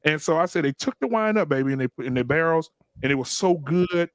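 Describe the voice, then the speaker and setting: A middle-aged man co-hosting a podcast, telling stories in a blunt, profane, animated way. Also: a little high, fast talker, no room sound. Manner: blunt, profane, animated storytelling with acted quotes. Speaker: podcast co-host. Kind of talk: casual group chat, storytelling.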